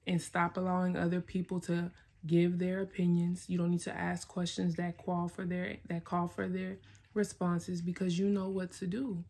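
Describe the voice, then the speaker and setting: Woman vlogger pepping herself up, dark mellow voice, swears a lot, keeps repeating herself. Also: lowish voice, slightly rough. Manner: blunt, emphatic, swearing, repeats itself. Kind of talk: self-directed pep talk.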